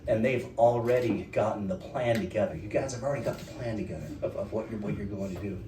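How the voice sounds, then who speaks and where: Guy winging a wedding speech for his buddies, lowish voice, lots of ums, far from the mic with room noise. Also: quick pace, warm tone. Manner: hesitant, filler-heavy, wry. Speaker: friend speaking at wedding. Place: wedding ceremony. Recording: roomy, distant, clear background ambience.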